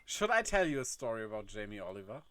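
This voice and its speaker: A man's voice: on the low side, big pitch swings, quick pace, fairly bright tone. A man chatting casually on a game livestream, laughing often and reading chat aloud. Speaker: game streamer.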